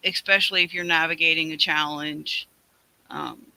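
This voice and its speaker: Bright high-voiced earnest man. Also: steady tone, moderate pace, gravelly, smooth, poor audio. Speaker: group discussion participant. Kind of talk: casual reflective chat.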